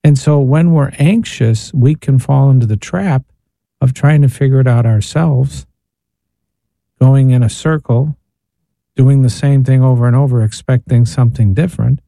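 A priest speaks in an earnest, gently preaching way on the radio, asking rhetorical questions and answering them himself. His mid-pitched voice is very warm and dark. It is recorded dry in a studio. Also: normal speed, gravelly, no room sound. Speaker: priest and spiritual director guest. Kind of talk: radio talk reflection.

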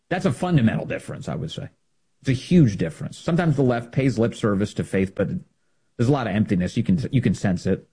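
A man's voice: fairly low pitch, dark tone, slightly rough. A man giving an opinionated political monologue, emphatic and repeating key phrases for effect. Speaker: political commentator.

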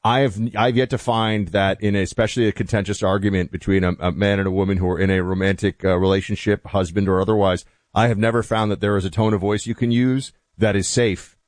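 A man's voice: on the low side, fairly even intonation, quick pace, hardly any pauses, no room sound, studio quality. A man co-hosting a talk radio show, chatting in a wry, sarcastic way. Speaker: radio co-host. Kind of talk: casual talk radio banter. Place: radio studio.

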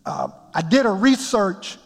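A man preaching a sermon, telling his story with emphatic build-ups that rise toward shouts. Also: high-pitched, animated, unhurried. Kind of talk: sermon testimony. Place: church sanctuary before a congregation. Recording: long reverb of a large hall.

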